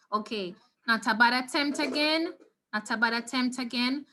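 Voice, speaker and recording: Bright-voiced Jamaican woman teaching online. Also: on the high side. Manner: encouraging, repeats key words slowly. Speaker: Spanish teacher. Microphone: video call.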